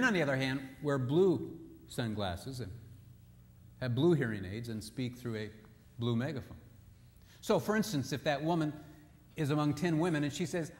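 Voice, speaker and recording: A man with a somewhat high voice gives a playful marriage seminar, acting out the people in his stories. He mixes jokes with scripture. His voice carries with a long echo through a large hall. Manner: jokey storyteller who acts out quotes. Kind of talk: humorous seminar talk with scripture. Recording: echoey hall.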